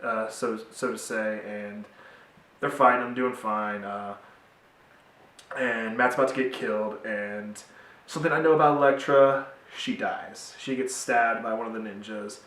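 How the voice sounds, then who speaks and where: A man's voice: fairly low pitch, a little slow, fairly bright tone, distant mic. A young man giving a casual, rambling TV review with many fillers, recorded at home in a roomy space away from the mic. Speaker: TV show reviewer.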